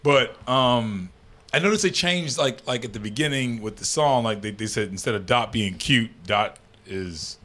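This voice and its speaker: Guy on a podcast, mid-pitch, rambles with lots of likes and restarts. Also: normal speed, sharp tone. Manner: rambling, many fillers and restarts. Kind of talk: casual chat.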